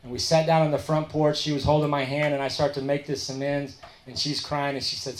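A middle-aged man, sharing his recovery story at a meeting and telling it as a story, dropping his voice low and soft when he quotes others. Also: fairly even intonation, brisk, reverberant, a little hiss or hum. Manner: storytelling, quoting others in a softer, lower voice.

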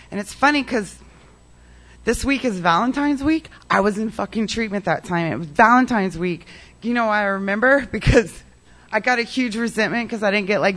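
A woman's voice: mid-range voice, fairly bright tone. A woman telling her personal recovery story in a rambling way, full of "like" and "um". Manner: rambling, heavy use of "like" and "um".

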